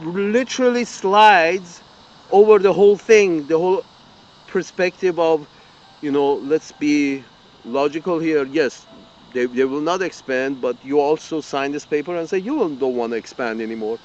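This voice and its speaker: A man's voice: on the high side, normal speed, highs cut off, slight background noise. A man delivering an angry, profane political rant as an open letter, repeating himself and restarting sentences. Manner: angry, profane, repetitive ranting with frequent restarts. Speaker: political commentator. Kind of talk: ranting open-letter monologue.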